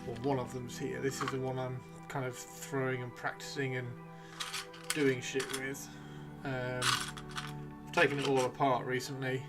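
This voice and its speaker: A man's voice: medium pitch, flat delivery, moderate pace, loud music behind the voice. A man chatting casually on a live stream while painting miniatures, rambling and playfully teasing his chat.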